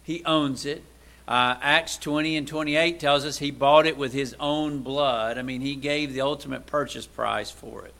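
In a sermon given at a measured pace, a man addresses his listeners conversationally. Rhetorical questions punctuate his talk, which veers between emphatic loudness and quiet, low-pitched asides.

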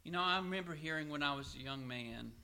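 A middle-aged man preaching a sermon, asking questions and answering them himself, and slowing down to read scripture aloud. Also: fairly high pitch, pushed and bright. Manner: asks and answers his own questions.

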